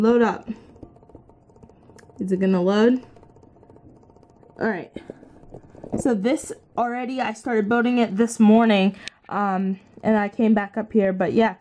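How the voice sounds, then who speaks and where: A woman's voice: a little high, warm tone, slight background noise. A young woman chatting casually to her viewers in a rambling vlog, with plenty of fillers. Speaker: vlogger.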